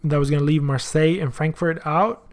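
A man's voice: a little high, fairly even intonation, fairly quick. A man hosting a soccer podcast in casual chat, slangy and thinking aloud as he goes. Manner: chatty, thinks aloud, asks himself questions.

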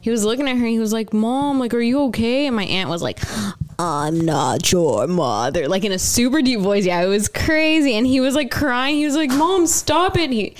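Smooth-voiced giggly woman telling a story. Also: on the high side, lively intonation, quick pace, hardly any pauses. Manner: chatty, giggly storyteller, many "like"s and "y'all". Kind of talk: casual storytelling chat.

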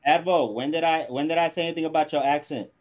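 Combative man with a high voice, trading taunts in a live argument, relentless and repetitive. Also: quick pace. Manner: combative, mocking, repeats taunts. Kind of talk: heated argument.

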